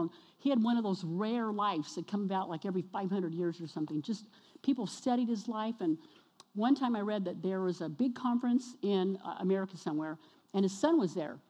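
A woman preaching a sermon to her congregation, energetic and exhorting, often questioning the listeners. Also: medium pitch. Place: church sanctuary. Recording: long reverb of a church hall.

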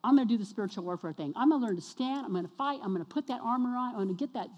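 A woman preaching a sermon to her congregation, energetic and exhorting, often questioning the listeners. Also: fairly high pitch, very fast, muffled recording. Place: church sanctuary. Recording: long reverb of a church hall.

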